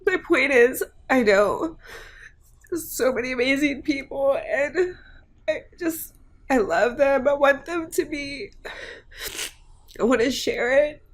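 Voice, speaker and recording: A woman's voice: sits high, slow, pauses often. A woman vlogging about her family and hopes, rambling and heartfelt with many fillers. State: tearful at times. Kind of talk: emotional personal vlog.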